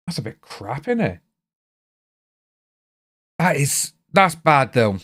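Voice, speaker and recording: A man's voice: medium pitch, very animated, takes it slowly, long pauses, a bit bright. A young British man chatting casually on a live stream, rambling and greeting viewers by name. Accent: British English. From United Kingdom.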